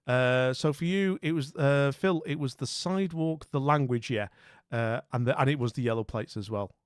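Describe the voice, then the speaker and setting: Man, live streamer, rambling casual commentary, thinking aloud, mid pitch, dry close sound. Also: moderate pace, smooth, no echo. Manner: chatty and rambling, thinking aloud and greeting viewers. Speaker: streamer playing a geography guessing game.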